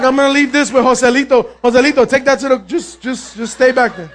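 A male pastor preaching a lively, humorous sermon, calling out to the congregation, acting out biblical characters and mixing in Spanish phrases. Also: very high voice, fast talker. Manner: lively preaching with jokes and call-outs to the congregation; acts out biblical characters' voices. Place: church.

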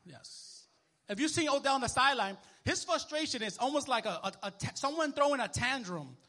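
A man preaching a sermon as minister, conversational and animated, checking in with the congregation as he goes. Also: very high voice, a little fast. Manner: animated, conversational preaching with sports illustrations and call-and-response. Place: church.

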